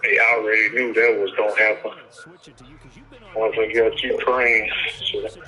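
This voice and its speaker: Blunt, profane man with a bright voice. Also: on the low side, level tone, unhurried, rough recording. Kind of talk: casual chat.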